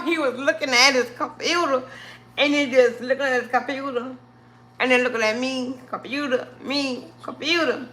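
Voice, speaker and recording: A woman with a slightly high voice speaks at a moderate pace while telling a story to her live stream audience. Animated, she plays out people's quotes and addresses her viewers as y'all.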